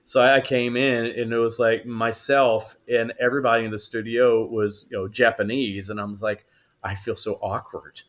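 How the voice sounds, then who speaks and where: Delivering his stories flatly at normal speed with few pauses, this man has a mid-range voice. He's an actor and voice actor on a podcast, laughing often and acting out the voices in his anecdotes.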